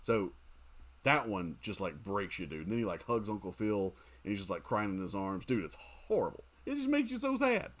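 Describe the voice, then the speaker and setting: A man's voice: deep voice, moderate pace. A man streaming a mobile game, chatting casually with his viewers and using lots of fillers like "dude" and "um". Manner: chatty and animated, talking to chat with fillers like "dude" and "um". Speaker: gaming streamer. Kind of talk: casual livestream chat while gaming.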